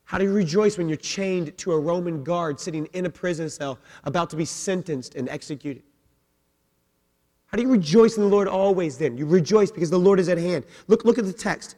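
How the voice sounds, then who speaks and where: A middle-aged man preaching a sermon as senior pastor, asking his congregation questions and moving between quiet personal storytelling and rising, emphatic exhortation. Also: sits high, a little fast. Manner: asks the congregation direct questions. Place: church sanctuary. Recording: long hall reverb in a church.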